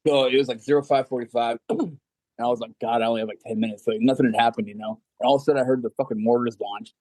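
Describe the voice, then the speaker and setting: A man's voice: mid-range voice, fairly even intonation, quick pace, dark tone, no echo. A man in his forties, a Marine veteran guest, telling profane anecdotes with frequent laughs. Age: 40s. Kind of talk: casual chat.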